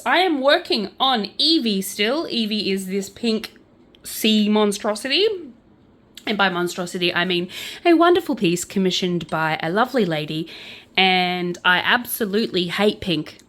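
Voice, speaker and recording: A woman with an Australian accent chatting to camera as a crochet and true crime vlogger, loud, bubbly and self-mocking. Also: medium pitch. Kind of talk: casual chat to camera.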